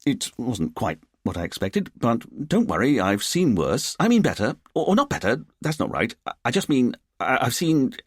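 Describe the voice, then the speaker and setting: A man's voice: medium pitch, huge pitch swings, normal speed, hardly any pauses, husky, dry recording, clean studio sound, pitched above the performer's own voice. A man reading a stiff, formal police chief who gets flustered and stammers, in an audiobook.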